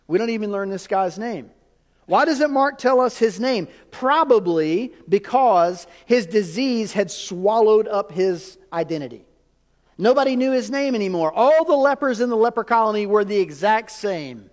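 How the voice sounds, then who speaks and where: A man preaching a sermon in a church, animated and full of rhetorical questions to the congregation. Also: high-pitched, moderate pace, long reverb tail. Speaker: pastor. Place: church sanctuary.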